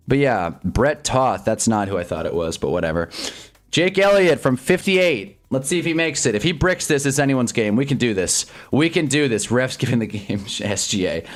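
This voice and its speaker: A man streaming live sports commentary who swings between loud yelps and low mutters and chats with his viewers' comments. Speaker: streamer hosting a live game watch-along.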